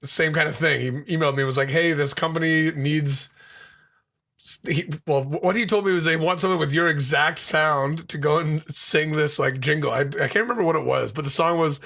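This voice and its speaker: A laid-back man from Canada, guesting on a podcast and chatting with self-deprecating humor. His voice is fairly high and bright, with a forward, tense edge. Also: fairly even intonation, a little fast, creaky. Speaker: guest rapper. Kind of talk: casual chat.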